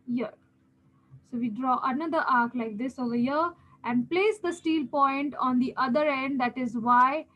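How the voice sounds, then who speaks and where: Poor audio captures a woman with a high, fairly bright voice and an Indian English accent. As a maths teacher, she takes her students through a geometry lesson step by step, patiently going over key steps again and checking in with them.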